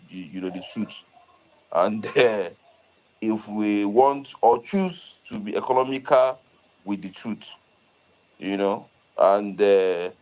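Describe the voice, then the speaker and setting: A man giving a measured comment in an online audio-room discussion, halting and full of fillers. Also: lowish voice, darkish tone, poor audio. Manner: halting, many "you know" fillers. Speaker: discussion participant.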